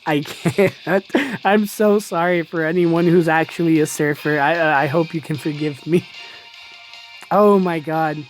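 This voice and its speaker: A woman giving excitable live commentary on a mobile game, laughing often and talking straight to her viewers. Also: low-pitched, unhurried, faint music behind. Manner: chatty, addresses viewers as y'all.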